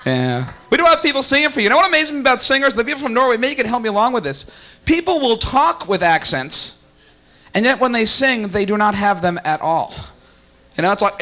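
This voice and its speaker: Man, emcee, high bright voice, playful crowd banter, small cafe stage. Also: very animated, a little fast. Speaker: host and emcee.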